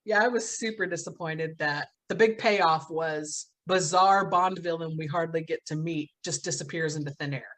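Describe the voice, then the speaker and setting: A woman's voice: sits low, normal speed, hardly any pauses, a bit bright. A woman co-hosting a podcast, recapping a film plot in casual chat with a sarcastic, disbelieving manner. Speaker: podcast co-host.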